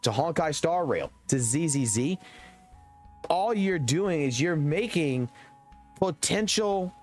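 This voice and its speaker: A young man from Louisiana with a Southern US accent, ranting and swearing in loose livestream commentary close to his mic. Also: a little high. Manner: animated, profane, rambling rant. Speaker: streamer. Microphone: close desk mic.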